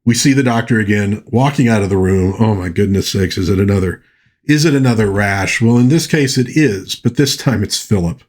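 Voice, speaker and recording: A man reviewing an old film, retelling its plot in a chatty, animated way with frequent restarts. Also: lowish voice, brisk. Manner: chatty, animated, lots of you-knows and restarts. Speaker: movie reviewer.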